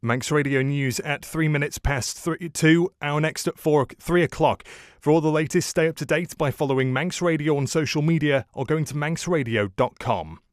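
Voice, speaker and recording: A man's voice: a little high, normal speed, no room sound, studio quality. A man reading a comic mock radio news bulletin in a formal newsreader manner, tripping over his words. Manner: formal newsreader delivery with stumbles.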